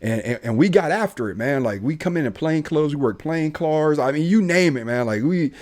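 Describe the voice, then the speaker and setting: A police officer from Ohio spins a story on a podcast, his fairly high voice leaping up and down with lively energy. He slips into the voices of the people he describes as he goes. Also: brisk. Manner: animated, acts out voices in his stories.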